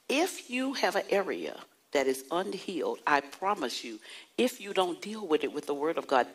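Husky-voiced woman preaching a sermon. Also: mid-range voice, poor audio. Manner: call-and-response preaching, dramatic slowed emphasis, acts out anecdotes. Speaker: prophetess preaching.

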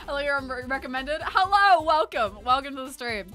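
Young woman streamer, high voice, swoops up and down, laughs a lot, casual game chat. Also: normal speed, soft background music. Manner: excitable, laughs and swears often.

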